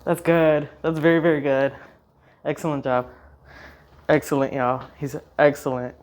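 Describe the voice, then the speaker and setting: A woman's voice: low-pitched, steady tone, moderate pace, a little mellow, recorded from a distance. A woman reacting as a chiropractic patient, exclaiming and laughing between her words in a clinic treatment room. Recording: echoey room.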